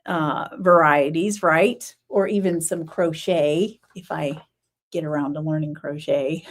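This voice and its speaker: A woman hosts a casual live-stream chat in a slightly low voice. She rambles easily, with lots of ums and quick self-corrections. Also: steady tone. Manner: chatty, rambling, many fillers and self-corrections. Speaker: podcast host.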